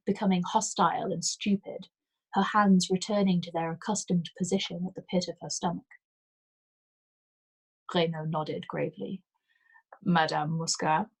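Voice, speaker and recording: Husky woman reading a novel aloud. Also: lowish voice, rough recording. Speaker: storyteller.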